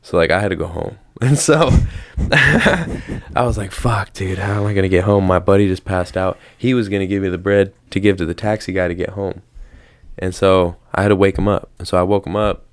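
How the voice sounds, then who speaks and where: A man's voice: low-pitched, a little fast. A young man casually telling a rambling story on a podcast, slangy and swearing often. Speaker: podcast host.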